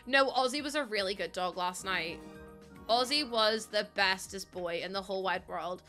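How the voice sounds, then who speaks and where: A woman's voice: mid-range voice, moderate pace, pushed and bright, soft background music. A pregnant woman, chatting casually and telling stories while streaming a game. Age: 20s. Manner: chatty storytelling with laughs and acted-out quotes.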